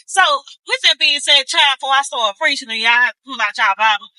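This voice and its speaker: Bright chatty woman in her fifties. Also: high voice, a little fast, dry recording, rough recording. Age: 50s. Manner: chatty, animated, calls viewers baby. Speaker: vlogger. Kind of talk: casual chat. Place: car.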